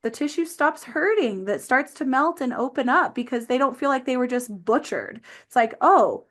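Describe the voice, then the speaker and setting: A woman's voice: high voice, moderate pace. A woman physical therapist talking earnestly as a podcast guest, with frequent "um" and "like" fillers. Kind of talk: explanatory interview talk.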